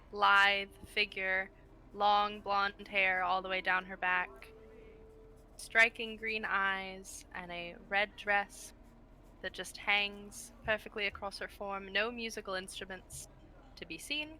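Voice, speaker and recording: Bright-voiced woman describing her character. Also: mid-range voice, little pitch movement, takes it slowly, slight background noise. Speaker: player. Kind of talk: describing a character in a tabletop game.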